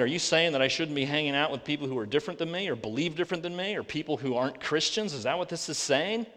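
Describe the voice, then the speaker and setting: A pastor preaching a sermon, earnest and full of rhetorical questions, slowing down to read scripture aloud. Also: male voice, fairly high pitch, fairly bright tone. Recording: long reverb of a large hall.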